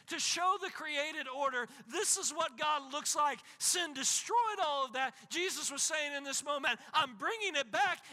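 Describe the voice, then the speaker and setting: Man, pastor preaching, very high pitch, long hall reverb, impassioned. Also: sharp tone. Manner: impassioned preaching with emphatic repetition. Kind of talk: sermon.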